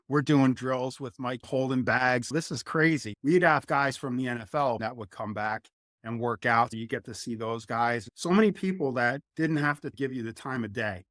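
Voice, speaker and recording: A middle-aged man from New Jersey, a former college football lineman, telling stories as a guest in a casual interview, lively, acting out quotes. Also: medium pitch, dry recording, clean studio sound. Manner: animated, acts out quotes.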